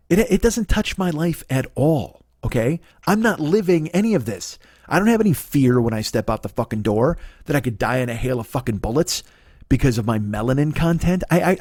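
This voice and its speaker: A man's voice: a little high, darkish tone, no room sound, clean studio sound. A man in his forties hosting a comedy podcast, ranting in a profane, rambling way with frequent stammered restarts. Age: 40s. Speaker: podcast host. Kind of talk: comedic rant monologue.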